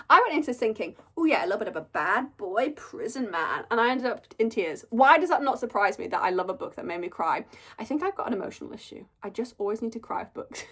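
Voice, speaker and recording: Lively chatty woman reviewing books. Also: a little high, breathy edge. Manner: chatty, gushing, animated storytelling with frequent "like". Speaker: book reviewer. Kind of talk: casual monthly reading wrap-up.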